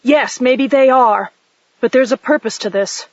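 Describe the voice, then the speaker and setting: A male narrator voicing a level-headed woman who calms an angry companion in an audiobook. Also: very high-pitched, measured pace, no room sound, voice pushed up. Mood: urgently persuasive. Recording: dull lo-fi dry audiobook recording.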